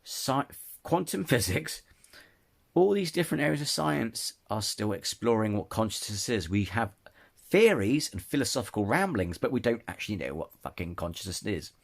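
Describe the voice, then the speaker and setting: A man with a husky, slightly low voice rants in a casual opinion video. He trips over words, restarts his sentences and keeps apologizing before charging on again. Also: animated, normal speed. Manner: ranting, frequent restarts and apologies. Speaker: channel host. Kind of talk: casual opinion rant to camera.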